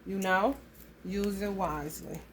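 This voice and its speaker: A woman talks straight to her viewers, blunt and full of profanity as she tells stories. Her voice sits at an ordinary middle pitch. A faint hiss of noise runs under the recording. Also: fairly even intonation, measured pace. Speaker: astrology reader. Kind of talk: casual tarot reading monologue.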